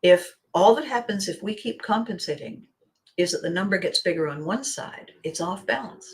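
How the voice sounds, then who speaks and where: A woman's voice: on the low side, moderate pace. Middle-aged woman podcast host, storytelling, voice swoops up and down a lot, laughs a bunch. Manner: animated, laughs often while telling a story. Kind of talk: storytelling monologue.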